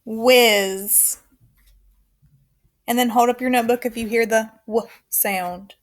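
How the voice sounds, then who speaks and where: A woman teacher giving a recorded phonics lesson to young children, slow and clear, encouraging, with counted call-and-response. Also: fairly high pitch, fairly even intonation.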